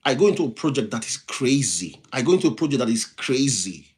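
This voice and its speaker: On his motivational livestream, this host with a non-native English accent preaches through repeated phrases and reads out viewer comments, thanking each person by name. His mid-range voice is very animated and brisk.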